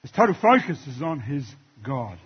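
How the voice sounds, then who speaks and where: A man's voice: a little high, very animated, moderate pace, slightly rough, highs cut off. A man preaching a sermon in church, talking conversationally to the congregation and reading scripture aloud. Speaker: pastor.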